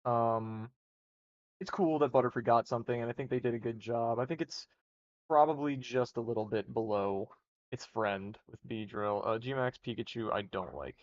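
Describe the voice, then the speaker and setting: A man's voice: mid-range voice, normal speed. A young man streaming live, talking casually and rambling through rankings with restarts and swearing. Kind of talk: casual livestream commentary. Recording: dull lo-fi stream audio.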